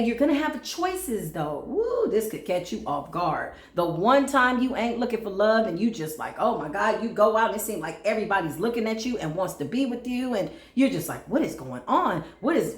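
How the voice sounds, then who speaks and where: A woman giving a casual, playful tarot reading, talking straight to her viewers with lively energy. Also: on the high side, echoey room. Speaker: tarot reader.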